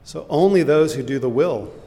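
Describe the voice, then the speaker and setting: A man's voice: moderate pace, warm tone. Man teaching in an echoey hall. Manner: earnest, explanatory, with fillers and restarts. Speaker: Bible teacher. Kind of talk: Bible study lesson. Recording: echoey hall with faint rumble.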